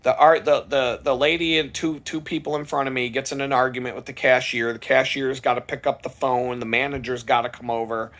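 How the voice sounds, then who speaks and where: A man telling a rambling, profane story in a casual vlog. He gets louder and higher as it builds. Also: flat delivery, fairly quick, few pauses. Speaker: vlogger.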